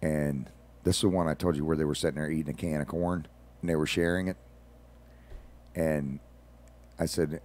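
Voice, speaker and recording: A man's voice: low-pitched, steady tone, a little fast, long pauses, darkish tone. A man, a regular on a radio show, telling rambling stories in casual talk with folksy asides.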